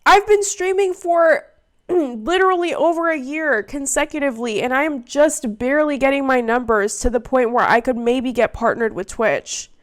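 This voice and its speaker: A woman's voice: high-pitched, moderate pace. A young woman streamer giving fired-up, profane commentary. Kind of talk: heated commentary.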